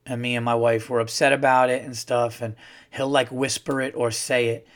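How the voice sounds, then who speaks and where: A man's voice: medium pitch, little pitch movement, moderate pace, fairly bright tone. A man hosting his own podcast alone, rambling and swearing as he rants in a worked-up way. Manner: rambling, profane, worked-up ranting. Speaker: podcast host. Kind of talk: casual solo podcast monologue.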